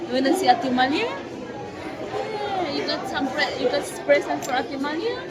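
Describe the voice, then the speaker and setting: A loud crowd surrounds a woman shooting a casual family vlog in a busy public place. High-pitched and expressive, she speaks unhurriedly, coaxing a small child, chatting with her husband and laughing frequently.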